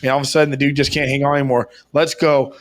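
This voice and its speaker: A man's voice: mid-range voice, flat delivery, racing, slight background noise. A young man co-hosting a podcast, telling a long story in a rambling, profane way and insisting it's true. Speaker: podcast co-host. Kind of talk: casual storytelling.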